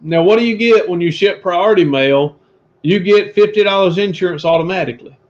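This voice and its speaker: A fairly high-voiced man with a drawl, chatting on a livestream in an earnest, sermon-like way. The audio is dull and lo-fi. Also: fairly quick. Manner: earnest, encouraging, preachy. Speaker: reselling livestream co-host. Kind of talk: casual livestream chat.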